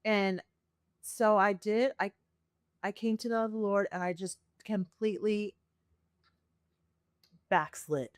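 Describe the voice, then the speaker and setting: A woman's voice: medium pitch, slow, long pauses, smooth, dry recording, studio quality. Earnest woman telling her testimony. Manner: earnest, animated, acts out quoted voices. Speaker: podcast guest sharing her testimony. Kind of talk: emotional personal storytelling.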